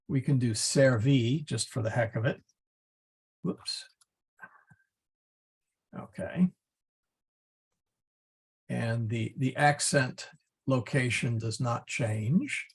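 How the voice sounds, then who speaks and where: A man teaching a class, explaining step by step in a patient, methodical way with frequent pauses and fillers. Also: medium pitch, husky. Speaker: Latin teacher.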